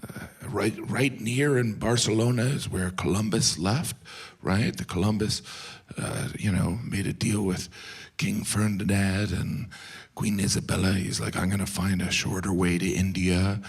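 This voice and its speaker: A man doing a stand-up comedy set, telling stories deadpan with sudden high exasperated bursts. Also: measured pace, gravelly, husky. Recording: live hall with audience laughter. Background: crowd laughter and room ambience.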